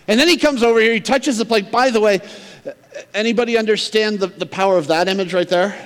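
Dramatic male preacher in a reverberant hall. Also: sits high. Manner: dramatic, swings between emphatic loud stretches and hushed near-whispers. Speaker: pastor. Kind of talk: sermon.

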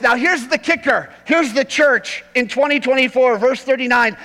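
A man preaching a sermon as pastor, swinging from loud emphatic peaks to quiet asides. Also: extremely high pitch, normal speed, hardly any pauses, big-room sound, poor audio.

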